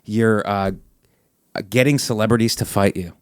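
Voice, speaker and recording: A man's voice: normal speed, clear, resonant tone, dry recording. Man hosting a podcast, dry close mic. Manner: animated, emphatic, rises in pitch when making a point. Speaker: podcast host. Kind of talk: casual podcast chat.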